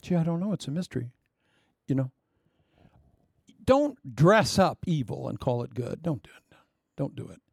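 Gravelly preacher man, animated. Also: fairly high pitch, normal speed, pauses often, no echo, studio quality. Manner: animated, acts out quoted voices with humor. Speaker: pastor. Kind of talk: sermon.

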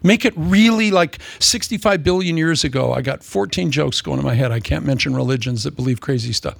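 A man preaching a humorous sermon, sarcastic and animated, slipping into mock voices. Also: a little high, brisk, gravelly, no echo.

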